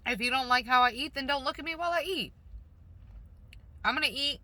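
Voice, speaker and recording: Woman vlogger, very bright sharp tone, rambles with her mouth full in a car. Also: high voice, a little fast, no echo. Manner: talks with mouth full while eating; rambling, self-conscious, blunt. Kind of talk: casual rambling mukbang chat. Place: parked car.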